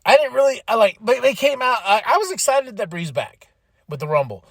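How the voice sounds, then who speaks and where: A man hosting a podcast, excitedly recapping a wrestling show in casual chat, laughing and swearing freely. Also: very high voice, fairly quick, creaky, dry recording. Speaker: podcast host.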